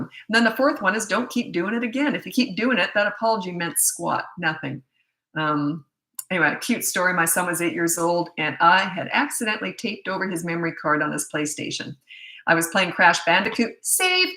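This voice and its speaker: A woman's voice: on the low side, fairly quick, pushed and bright, roomy sound. A middle-aged woman parenting coach giving blunt, chatty advice and telling stories from her own family life. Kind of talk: casual advice talk.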